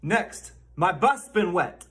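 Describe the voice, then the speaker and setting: A man delivering a deadpan mock language lesson, drilling words slowly like a teacher. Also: high-pitched. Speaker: comedian.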